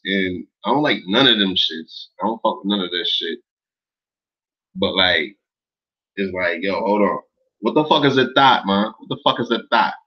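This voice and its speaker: A man hosting a casual livestream, rambling and swearing in street slang as he answers his viewer chat. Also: on the low side. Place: indoors in Los Angeles. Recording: dull lo-fi stream audio.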